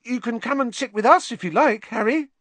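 A man voicing an eager young schoolboy, high and excited. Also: a little fast, no room sound.

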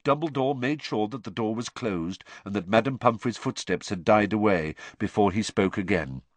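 A man reading an audiobook in scripted narration, telling the story in a steady, expressive way. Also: on the low side, moderate pace, dry recording.

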